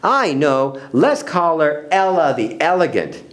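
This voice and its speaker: A man's voice: fairly high pitch, very animated, a little slow. A man voicing a big, bossy young female elephant bully in a storybook, with a sneering, taunting manner.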